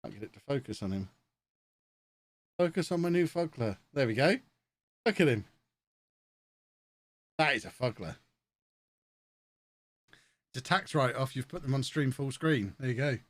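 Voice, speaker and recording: A man's voice: mid-range voice, expressive, normal speed, long pauses, no echo. An English man casually chatting on a live stream, joking with people in the room and laughing often, with close desk-mic sound. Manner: jokey, laughs a lot, talks to the room and to the chat.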